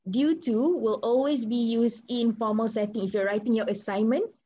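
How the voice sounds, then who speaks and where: A woman's voice: fairly high pitch, fairly even intonation, moderate pace, warm tone. Malaysian woman teaching an online English class. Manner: encouraging, asks students questions. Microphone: video call. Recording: slightly muffled video call audio.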